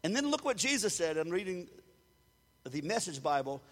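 A man preaching a sermon as pastor, animated and preachy, rising into loud shouts. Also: high voice, normal speed, in a large hall.

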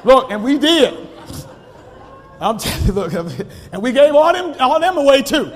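A man preaching a sermon in a church, calling out to the congregation and swinging from shouting to quiet storytelling. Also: very high-pitched, big pitch swings, normal speed, a little hiss or hum. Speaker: pastor. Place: church sanctuary. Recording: long hall reverb.

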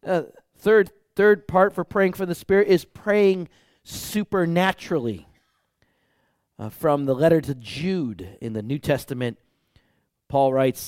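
A man's voice: on the high side, measured pace, a little mellow, smooth, dry recording, studio quality. A male pastor preaching a sermon, telling stories animatedly with a voice that climbs when he gets worked up.

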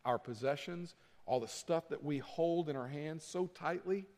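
A man's voice: fairly high pitch, moderate pace, a little mellow. A middle-aged man preaching a sermon as pastor, earnest and conversational, slipping into quoted voices of others. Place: church sanctuary. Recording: long reverb of a church hall.

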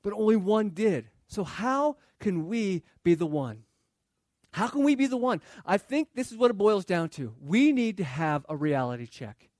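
Casting note: male pastor, high voice, dry close sound, casual sermon delivery in a church. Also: sing-song, normal speed, darkish tone, no echo. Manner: conversational, acts out quoted voices.

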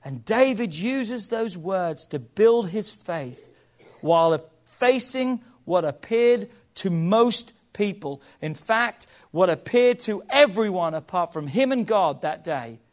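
A man preaching a sermon as pastor, swinging between loud emphatic peaks and hushed low endings and calling on the congregation to respond. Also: animated, slow. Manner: impassioned, calls for congregation response.

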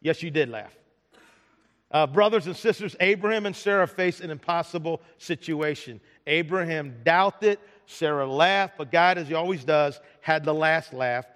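High-voiced joking preacher in a hall. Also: male voice, moderate pace, few pauses, a bit bright. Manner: joking, asks the congregation questions. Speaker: pastor. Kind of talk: sermon. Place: large hall with a congregation. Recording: long reverb of a large hall.

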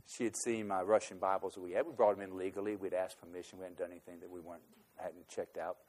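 A man telling a personal anecdote, shifting between loud, emphatic bursts and quiet, low asides. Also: little pitch movement, quick pace. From United States. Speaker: speaker recounting a trip abroad.

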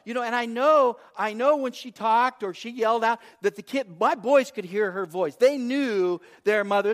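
A man in his fifties preaching a sermon, telling stories with lively repetition and acting out quotes. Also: high voice. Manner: animated storyteller, repeats phrases, acts out quotes. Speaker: pastor.

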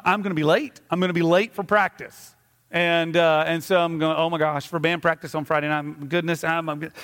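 High-voiced preacher in a reverberant hall. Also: male voice, clear, resonant tone. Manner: animated storytelling, acting out scenes. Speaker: pastor. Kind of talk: sermon. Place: church sanctuary. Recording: reverberant church sanctuary.

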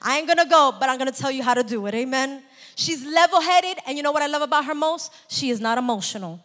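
A woman delivers a fast sermon in a high voice that fills a large hall, where a long reverb rings back at her. She calls for amens in a call-and-response style and builds up to loud, shouted exhortation.

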